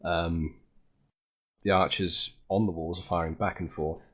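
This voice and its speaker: A man's voice: low voice, level tone, unhurried, slightly rough. A man narrating as game master of a tabletop game over voice chat, hesitant with lots of ums.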